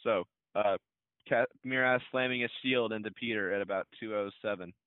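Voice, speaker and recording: A man's voice: lowish voice, moderate pace, clear, resonant tone, no echo. Rambling man on a tinny line. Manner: rambling, with many fillers and laughs. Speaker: podcast co-host. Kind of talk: casual chat about a film trailer. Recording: dry, tinny phone-like sound.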